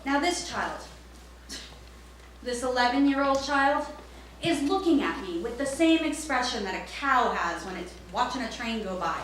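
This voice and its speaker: Animated woman telling a story. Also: a little high, normal speed. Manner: animated, acts out every character. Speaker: storyteller playing a store clerk. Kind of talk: staged storytelling monologue. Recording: echoey, distant, faint noise.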